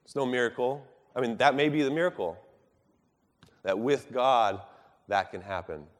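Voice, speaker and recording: A man preaching a sermon in an earnest, measured way, rising for emphasis and dropping soft at the ends of thoughts. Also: mid-range voice, long reverb tail.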